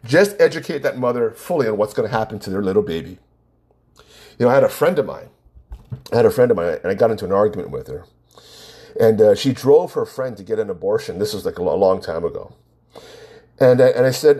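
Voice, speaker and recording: A man talking casually to the camera, animated as he acts out both sides of an argument. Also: medium pitch, brisk, husky. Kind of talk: casual monologue.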